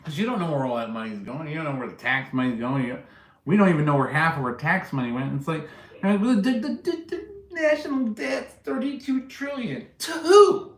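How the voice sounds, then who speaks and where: A man with a voice on the high side runs a casual livestream, rambling, joking with the audience, and laughing at his own anecdotes. His delivery is lively and fairly quick, with a roomy sound.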